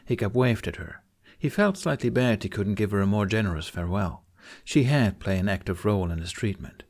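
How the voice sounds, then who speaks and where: Man with a lowish voice narrating an audiobook. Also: expressive, vocal fry, darkish tone. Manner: measured storytelling.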